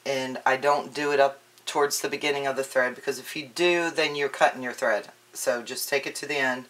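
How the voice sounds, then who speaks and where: A woman's voice: rumbling low, brisk. Woman demonstrating a craft at home; easygoing, rambling delivery full of ums, recorded on a camera mic. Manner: chatty, relaxed, frequent ums and restarts. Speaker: craft tutorial maker. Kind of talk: casual crafting tutorial.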